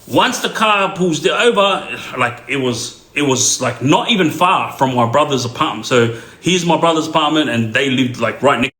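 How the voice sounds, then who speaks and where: A man's voice: mid-range voice, lively intonation, moderate pace, few pauses, sharp tone, roomy sound, low-quality recording. An Australian man casually telling a story to his viewers, rambling with lots of fillers. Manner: rambling with many fillers and restarts.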